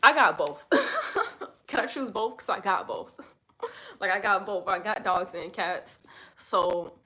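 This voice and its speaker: A young woman instructor leading a live yoga class. She chats casually with viewers and guides breathing and poses in a steady, easy voice. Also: mid-range voice, takes it slowly. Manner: casual slangy chat, laughs often, reads viewer comments aloud; soft, steady breathing cues while guiding poses.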